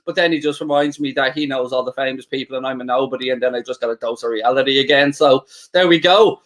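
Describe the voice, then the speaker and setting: A man's voice: medium pitch, steady tone, fast talker. A man co-hosting a live football watchalong in a chatty, bantering way, reading out viewer comments. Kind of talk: live stream football chat.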